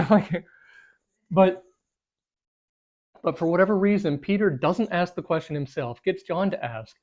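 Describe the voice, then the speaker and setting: Animated Bible study co-host, slightly dull sound. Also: medium pitch, measured pace, long pauses. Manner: animated, acts out quotes, many "like"s. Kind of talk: casual group Bible discussion.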